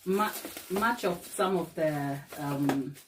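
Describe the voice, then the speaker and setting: A woman's voice: low voice, takes it slowly, slight background noise. A woman giving a live cake decorating tutorial in a kitchen, chatting and laughing often at herself.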